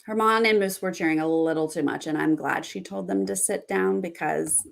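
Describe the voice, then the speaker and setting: A young woman hosting a casual reality TV recap, reacting with excitement and reading viewer comments aloud. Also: fairly low pitch, moderate pace, gravelly.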